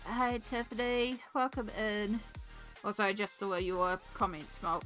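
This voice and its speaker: A woman's voice: lowish voice, level tone, moderate pace, a bit bright, faint music behind. A woman with a congested voice, chatting casually with her livestream viewers while she colours, giggling often and reading out chat names. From Australia.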